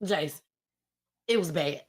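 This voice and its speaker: A woman's voice: low voice, expressive, a little slow, breathy edge. A woman, telling a story in a casual live-stream chat and acting out her own panicked cries. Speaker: storyteller guest.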